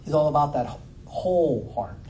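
A man preaching a sermon in a warm, mellow, slightly high voice, full of casual fillers that build into fervent cries. He stands some way from the mic in a large hall, and the sound echoes around the room. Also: expressive, moderate pace, a little hiss or hum. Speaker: pastor. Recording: roomy echo, distant mic.

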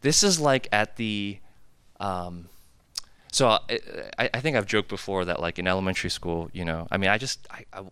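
A man's voice: low-pitched, normal speed, sharp tone, clear, resonant tone, no echo. A man in his thirties from the United States giving a casual personal sermon as a pastor, telling confessional stories in a conversational way full of "like" and "right?". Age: 30s. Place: hall with a cafeteria.

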